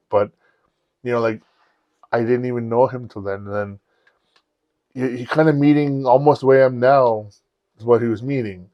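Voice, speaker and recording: A man's voice: mid-range voice, dry recording. A man hosting a podcast, telling profane stories in a casual chat and acting out the dialogue. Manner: animated, profane anecdote-telling with acted-out dialogue. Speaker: podcast host. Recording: dull lo-fi dry sound.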